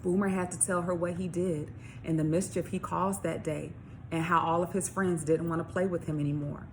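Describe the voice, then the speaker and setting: A woman author reading her children's story aloud, expressive, with questions to young listeners. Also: on the low side, fairly quick, a little hiss or hum. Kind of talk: storybook read-along for children.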